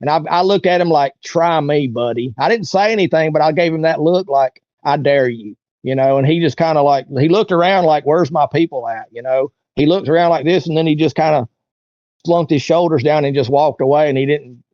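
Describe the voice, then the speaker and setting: A man's voice: on the high side, fairly quick, darkish tone, dry recording, muffled recording. A man, an interview guest telling a long story in a rambling, folksy way. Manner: rambling, folksy, lots of "you know" and "like". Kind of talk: casual storytelling.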